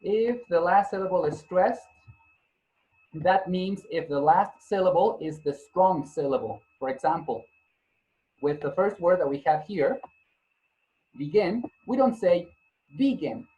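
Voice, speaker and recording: A male English teacher with a high, lively voice gives a grammar lesson at a measured pace, and the audio sounds dull. He patiently repeats points, spells out letters, and corrects himself mid-sentence.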